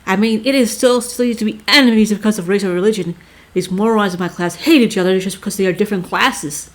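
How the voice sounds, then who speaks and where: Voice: mid-range voice, fast talker, close to an everyday voice. A player voicing a lonely, unusually mature young girl who talks in a blunt, matter-of-fact way. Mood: scornful. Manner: dismissive of classmates, matter-of-fact.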